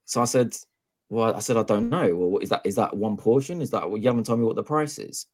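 This podcast co-host has a lowish voice and talks fast. Casually chatting, he works through a long story, animatedly playing both sides of the dialogue and cursing freely.

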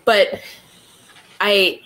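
A woman's voice: medium pitch, extremely slow, pushed and bright, low-quality recording. A woman co-hosting a film review podcast, chatting casually, swearing freely and laughing often. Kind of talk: casual chat.

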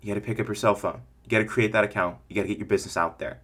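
A man with a fairly low voice hosts a casual coaching podcast for small-business owners, talking very fast. His delivery is energetic and rambling, and he often slips into the voices of imagined customers to make his points.

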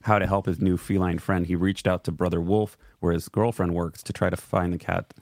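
A man with a very low, gravelly voice co-hosts a casual news chat and reads stories with a joking ease. The sound is dry and close. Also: little pitch movement, brisk, darkish tone, no echo. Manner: joking, laughs often. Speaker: co-host.

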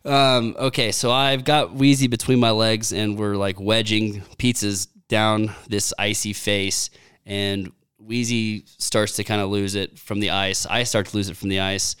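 Man co-host, thirties, low smooth voice, animated swearing storyteller, dry close mic. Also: unhurried, dry recording. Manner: animated storyteller, swears freely, acts out quotes. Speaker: podcast co-host. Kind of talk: casual golf podcast chat.

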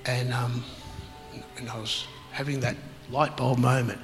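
A man telling his life story as an interview guest, halting and reflective, with many pauses and fillers. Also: medium pitch, flat delivery, big-room sound, music in the background, poor audio. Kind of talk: personal testimony in an interview.

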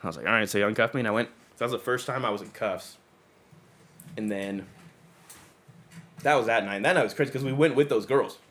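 A young man with a somewhat low voice tells a rambling story in casual chat. His talk is slangy and heavy on swearing. He keeps slipping into the voices of the people he quotes. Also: fast talker, long pauses, fairly bright tone. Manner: profane, slangy, acts out quoted dialogue.

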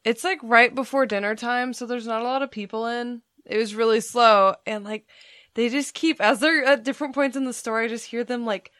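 A young woman co-hosting a podcast, casually telling a story, swearing freely and acting out what people said with big jumps in pitch. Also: steady tone, brisk, fairly bright tone, smooth, dry recording, clean studio sound. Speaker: podcast co-host.

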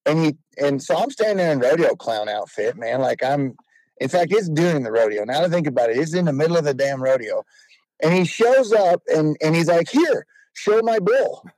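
Guy telling a rodeo clown story, kinda high voice, super animated, dry mic. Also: brisk, no echo, rough recording. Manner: animated, quotes people in put-on voices. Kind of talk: casual storytelling.

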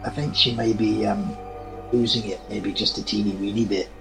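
A man's voice: on the low side, steady tone, normal speed, creaky, over music, poor audio. A man voicing Zibby, a wry male adventurer who jokes dryly in a tabletop role-play. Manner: dry, teasing humor, skeptical.

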